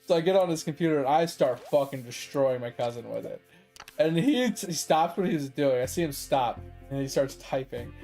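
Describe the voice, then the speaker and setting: A man's voice: mid-range voice, expressive, moderate pace, vocal fry, dark tone, soft background music. A man streaming games, telling a long rambling story from his childhood with lots of swearing and laughter. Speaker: gaming streamer. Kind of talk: casual storytelling on a game stream.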